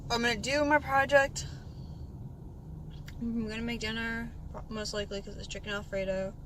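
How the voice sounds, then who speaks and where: Young woman vlogger, talkative and loose, recorded on a phone in a car with audible road rumble. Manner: chatty, swears casually, rambling asides. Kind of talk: casual vlog chat while driving. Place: inside a car while driving. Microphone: phone mounted in the car. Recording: car noise clearly behind. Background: road and engine noise.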